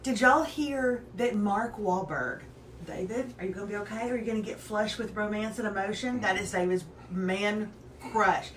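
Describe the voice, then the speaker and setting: A woman's voice: medium pitch, normal speed, echoey room, far from the mic, a little hiss or hum. A woman co-hosting a casual live morning show, chatting animatedly and reading out viewer comments. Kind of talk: casual live-stream chat.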